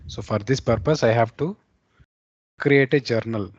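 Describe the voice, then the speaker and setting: A man teaching an accounting software class over a screen share, explaining step by step and repeating terms as he goes. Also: medium pitch, a little slow, no room sound, highs cut off. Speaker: software instructor.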